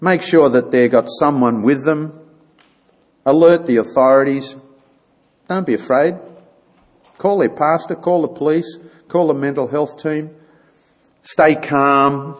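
A man's voice: a little high, a little slow, pauses often, long reverb tail. A man giving an informal church talk, chatty and now and then acting out little dialogues. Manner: conversational, acts out little dialogues. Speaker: church speaker.

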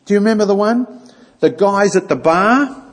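A man speaks to a church gathering in a plain, chatty way and now and then acts out short exchanges. His voice sits a little high and is slightly husky, with a very animated melody. It rings out with a long hall reverb. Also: moderate pace. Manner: conversational, acts out little dialogues. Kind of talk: informal church talk.

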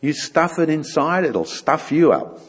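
Husky man giving a lively church talk. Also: a little high, a little slow, in a large hall. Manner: conversational, acts out little dialogues. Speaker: church speaker.

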